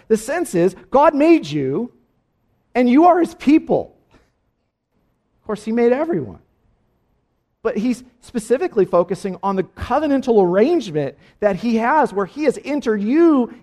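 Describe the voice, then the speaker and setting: A male pastor preaching a sermon emphatically, dropping to soft asides and rising to loud exclamations. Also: high voice, sing-song, normal speed.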